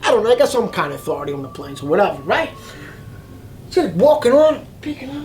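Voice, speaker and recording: A man telling a story in an excitable way, acting out voices and reactions. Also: high voice, fast talker, slight background noise. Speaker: vlogger telling a travel story. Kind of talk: animated storytelling monologue.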